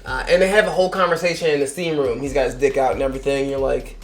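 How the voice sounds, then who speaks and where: A man's voice: medium pitch, steady tone, brisk, reverberant, soft background music. A man giving a casual, rambling film review, swearing freely and acting out the characters' lines in mock voices. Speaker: movie reviewer.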